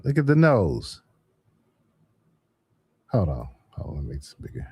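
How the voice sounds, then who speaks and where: Animated man hosting a call-in stream. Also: low voice, a little slow, husky, no echo. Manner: animated, repeats phrases, laughs often. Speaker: livestream host. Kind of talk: casual call-in chat.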